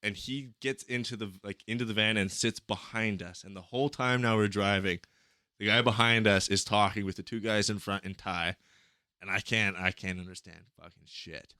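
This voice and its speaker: A man co-hosting a podcast, telling a travel story in casual chat, animated and swearing freely. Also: on the low side, moderate pace, no echo, clean studio sound. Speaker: podcast co-host.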